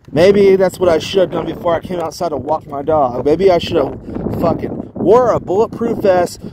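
A man's voice: on the high side, normal speed, noisy background. A man venting indignantly, ranting with heavy swearing and repeated rhetorical questions. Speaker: vlogger. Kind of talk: angry venting monologue.

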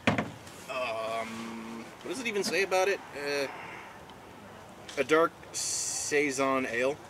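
A man's voice: mid-range voice, expressive, takes it slowly. Joking, swearing man at an outdoor event. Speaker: airsoft team member hosting a beer tasting. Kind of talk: casual chat. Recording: outdoor event with clear background noise.

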